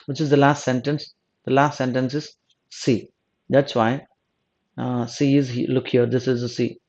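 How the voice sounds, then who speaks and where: In a flat, unhurried delivery, a medium-pitched and slightly mellow male voice, recorded with dull audio, walks through test answers as a South Indian exam coach. Restarts, repetition, mid-sentence rephrasing and the question "no?" run through his talk.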